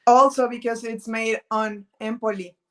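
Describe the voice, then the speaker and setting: A woman's voice: a little high, level tone, moderate pace. A woman from Italy, a native Italian speaker, talking casually as a guest on a video call. She keeps searching for her words and often says "mm-hmm". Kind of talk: casual interview chat.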